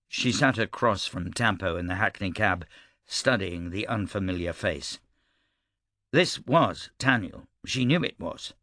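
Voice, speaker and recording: In a lowish voice, a man narrates a scripted audiobook at a steady, measured pace. It's a dry recording of studio quality.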